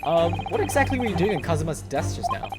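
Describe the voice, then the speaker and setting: A woman's voice: on the low side, big pitch swings, quick pace. A woman reading a flustered young man. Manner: hesitant, flustered. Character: earnest young male law student, flustered. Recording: loud game music behind.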